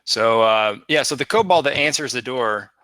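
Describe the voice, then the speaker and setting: A man narrating a tabletop game as game master, with halting, filler-heavy narration. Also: medium pitch, expressive, bright, forceful tone, dry recording.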